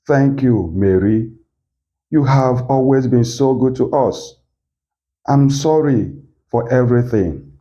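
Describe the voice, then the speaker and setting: A man's voice: mid-range voice, takes it slowly, lo-fi sound, lightly acted. A man voicing a rude, proud young woman who speaks scornfully and sharply. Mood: soft. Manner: sharp and scornful, later tearful.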